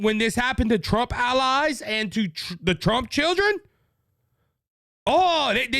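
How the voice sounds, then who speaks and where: High-voiced indignant Cajun man. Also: lively intonation, unhurried, fairly bright tone, dry recording, studio quality. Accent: Cajun Louisiana. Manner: indignant, repetitive, mocking. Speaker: political talk show host. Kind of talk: opinionated political commentary.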